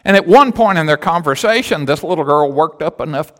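A man's voice: on the high side, animated, a little fast, in a large hall. A man preaching a sermon in a church as pastor, telling stories and then building to emphatic, repeated declarations.

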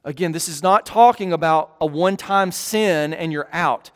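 A man in his thirties preaching a sermon, earnest and emphatic, slowing on key words and often restarting phrases. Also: fairly high pitch, long reverb tail. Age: 30s. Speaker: pastor.

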